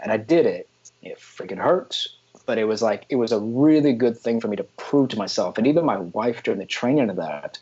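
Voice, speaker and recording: A man's voice: on the low side, husky, muffled recording. A man in his forties, a guest on a casual podcast interview, telling stories with lots of energy and salty slang. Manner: energetic storytelling with frequent "freaking" and "man". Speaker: guest photographer.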